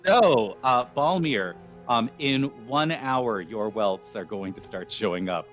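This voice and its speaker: A man runs a tabletop game as game master, his voice sitting at an ordinary pitch. He talks in halting bursts full of fillers while he works out the rules. The audio is dull and lo-fi, with faint music underneath. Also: expressive, fairly bright tone. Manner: hesitant, filler-heavy rulings.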